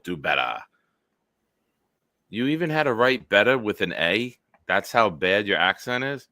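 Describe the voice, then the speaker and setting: A man's voice: lowish voice, very animated, measured pace, pushed and bright, no echo, clean studio sound. Joking man hosting a sports stream. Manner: joking, rambling, hypes the chat. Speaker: host. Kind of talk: casual sports talk livestream.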